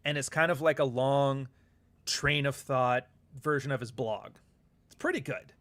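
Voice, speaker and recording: A man's voice: mid-range voice, steady tone, unhurried, fairly bright tone. Rambling, profane man chatting casually. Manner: rambling and profane, with frequent laughs; reads viewer comments aloud. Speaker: author and livestream host. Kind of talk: casual livestream chat.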